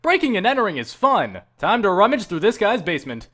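A man's voice: high-pitched, very animated, brisk, sharp tone. A man doing crude, sardonic comedy parody voice acting.

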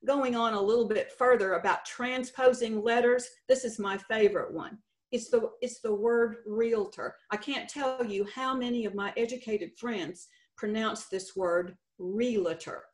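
A woman's voice: on the high side, moderate pace. Folksy Texan woman presenter. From Texas. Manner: folksy, conversational, lightly humorous. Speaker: state contest director. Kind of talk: conference presentation.

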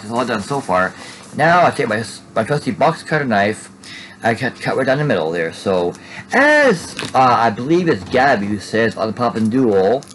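A man's voice: mid-range voice, a little hiss or hum, rough recording. A man casually narrating an unboxing at home, rambling and tacking "there" onto his sentences. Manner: rambling, repeats "there" and restarts often. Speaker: Funko collector vlogger.

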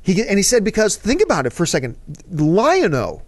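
A man's voice: high voice, huge pitch swings, fairly quick, dry recording. A man hosting a casual chat about movies, talking as an eager fan who rambles and drifts into asides. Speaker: show host answering viewer mail.

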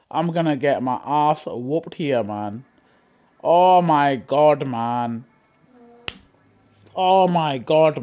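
A British man streams a racing game through a gaming headset, chatting excitably, laughing often and grumbling with mock outrage. His pitch is fairly high, and the recording sounds muffled.

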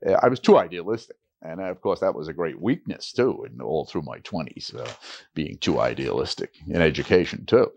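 An older man, a retired teacher, reminisces in a relaxed oral-history interview. His voice sits a little low but rises and falls with wide, lively swings. He slips into the voices of the people he quotes as he tells each story. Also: fairly quick, gravelly, lo-fi sound, a little hiss or hum. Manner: animated storyteller who acts out quoted voices.

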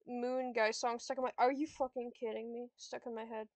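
A woman's voice: fairly high pitch, steady tone, normal speed, a little mellow, no room sound. A young woman casually commentating her own board game play, frustrated, swearing and talking to herself. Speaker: streamer playing a board game.

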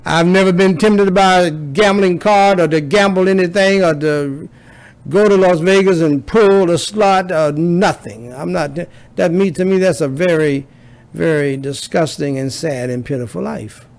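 A man's voice: fairly high pitch, normal speed, gravelly, a little mellow. A man preaching a sermon as pastor, building emphasis through repetition.

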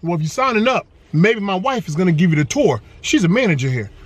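A man quoting an eager young male gym fan who is excited to meet him. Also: high voice, quick pace, husky, no echo, pitched below the performer's own voice, full character voice. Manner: excited, starstruck.

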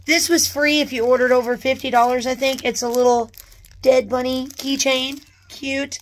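A woman chatting casually as she unboxes a new purse, gushing with excited exclamations. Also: high voice, normal speed. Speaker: unboxing vlogger. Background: paper crinkling.

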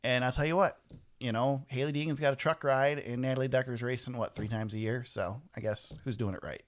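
Rambling, opinionated podcast host. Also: male voice, medium pitch, fairly even intonation, a little fast. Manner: opinionated, rambling, laughs often. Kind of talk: casual chat.

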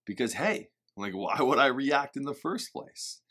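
A man giving a casual, candid talk to camera about parenting, animated and swinging to loud emphatic bursts, swearing now and then. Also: mid-range voice, measured pace, breathy edge. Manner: occasional swearing. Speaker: parenting vlogger.

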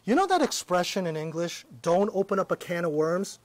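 Male Bible teacher with a high voice on a dry close mic, conversational preacher who keeps checking in. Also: very animated, a little fast, no echo. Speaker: Christian teacher. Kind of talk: live-streamed Bible teaching.

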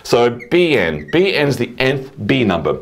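A man teaching a math lesson at a whiteboard, enthusiastic and quick to exclaim over the beauty of the ideas. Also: medium pitch, sing-song, creaky.

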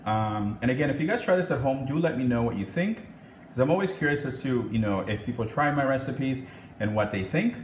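A man's voice: mid-range voice, animated, fairly quick. An upbeat young man chatting his way through a home cooking vlog, friendly and rambling with plenty of ums. His voice bounces around a reverberant kitchen, with a faint hum underneath. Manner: chatty, upbeat, frequent um and laughs. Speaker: cooking channel host.

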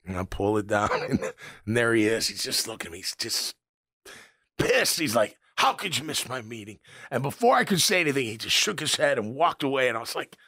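A man's voice: medium pitch, brisk, no room sound, studio quality. A middle-aged man, a former linebacker, hosting a sports radio show and telling locker-room stories with frequent laughter. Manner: storytelling, laughs often, animated. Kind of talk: casual sports talk.

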